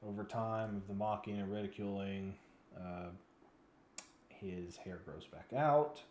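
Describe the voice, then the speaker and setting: A man in his twenties gives rambling, frustrated commentary as a news vlogger, sounding weary and yawning now and then. His voice is fairly low and darkish at a measured pace, recorded in an echoey room with a little hiss or hum.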